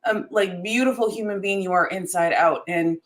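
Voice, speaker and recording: A woman's voice: mid-range voice, moderate pace. A woman on a livestream video call, speaking effusively and encouragingly to her co-host. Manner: warm, effusive, encouraging praise. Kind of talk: casual livestream chat.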